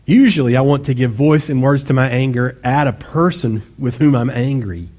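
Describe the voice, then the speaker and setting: Husky-voiced man preaching conversationally. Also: medium pitch, normal speed, a little mellow. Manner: conversational, self-deprecating preaching with sudden bursts of intensity. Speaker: pastor. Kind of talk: sermon.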